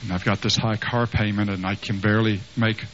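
A man voicing his sullen, broke nineteen-year-old son, grumbling and complaining in a lower voice. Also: flat delivery, brisk, a bit bright, lightly acted. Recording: slightly muffled with faint hiss.

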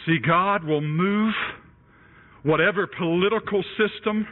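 A man preaching a sermon and telling a personal story in an animated way, raising his voice when he acts out scenes. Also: high voice, a little slow. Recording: tinny phone-like radio broadcast.

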